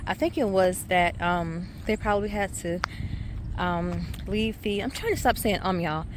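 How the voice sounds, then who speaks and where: A middle-aged woman, a high school teacher chatting casually to camera in her classroom, calling viewers y'all. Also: a little slow, noisy background. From Savannah, Georgia. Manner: chatty, addresses viewers as y'all, many ums. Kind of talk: casual vlog chat to camera.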